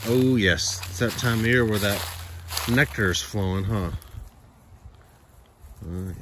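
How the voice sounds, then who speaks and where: A man chatting casually to his cat while walking through backyard woods and fields. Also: sits low. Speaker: cat owner vlogger. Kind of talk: casual walk-and-talk vlog. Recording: outdoor background noise in the woods.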